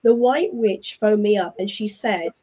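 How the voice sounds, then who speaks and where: A middle-aged woman with an English accent, a guest telling her story in a chatty, animated way and acting out what others said. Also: mid-range voice, measured pace, breathy edge. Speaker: interview guest. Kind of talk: casual conversational storytelling.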